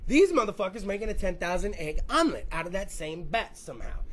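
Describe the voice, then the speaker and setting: A man hosting a podcast, telling crude, rambling stories full of swearing and quick put-on voices. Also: sits high, sing-song, fairly bright tone. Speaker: podcast host. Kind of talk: crude comedic podcast rant.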